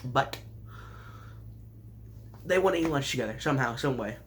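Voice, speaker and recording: A man's voice: medium pitch, expressive, normal speed. A man casually recapping a show with sarcastic, rambling asides and mock surprise. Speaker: show reviewer.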